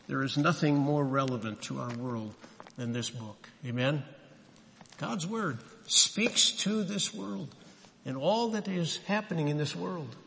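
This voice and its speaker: A man's voice: fairly high pitch, vocal fry, fairly bright tone, big-room sound. A man preaching a sermon, emphatic and quoting scripture.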